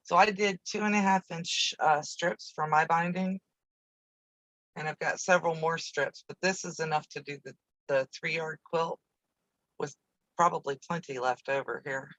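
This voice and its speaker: A woman's voice: sits low, fairly even intonation, normal speed, a bit bright, no room sound, low-quality recording. A woman hosting a casual live quilting stream from her home sewing room, chatting in a rambling way with easy asides while she works, picked up by a camera on a video-call setup. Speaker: quilting channel host.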